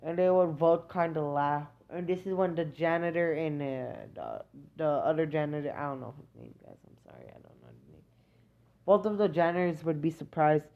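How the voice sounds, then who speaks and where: A woman's voice: deep voice, moderate pace. A woman improvising a fan-fiction story, rambling and hesitant, correcting herself often. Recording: dull lo-fi recording.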